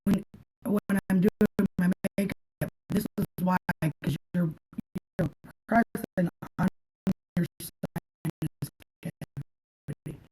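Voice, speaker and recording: A woman's voice: on the low side, slow, pauses often, dark tone, a little hiss or hum, rough recording. A woman hosting a casual makeup tutorial, chatting to her viewers in a friendly way as she works.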